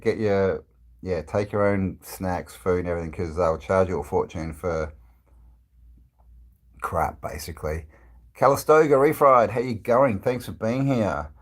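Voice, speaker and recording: A man with a very low voice hosts a casual live stream, answering viewers' comments as they come in. He rambles at a relaxed pace, trailing off and restarting his sentences with plenty of fillers. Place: indoors, travelling.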